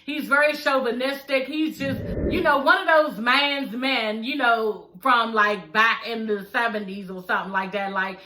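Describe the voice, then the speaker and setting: A woman's voice: on the high side, fairly even intonation, normal speed, few pauses, pushed and bright. A woman giving a blunt, sassy, profane recap of a reality show in casual commentary. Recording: echoey room.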